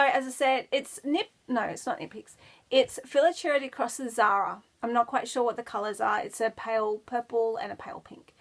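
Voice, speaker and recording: An Australian woman chatting casually to camera as a knitting podcaster, rambling and giggling as she goes. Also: fairly high pitch. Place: child's bedroom at home.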